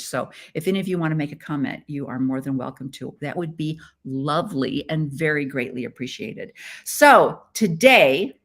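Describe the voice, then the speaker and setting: A woman's voice: low voice, a bit bright. A middle-aged woman from the US Midwest hosting a live podcast stream, chatty and playful, talking into her webcam. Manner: chatty and playful, with frequent laughs. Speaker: podcast host. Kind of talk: casual live-stream chat.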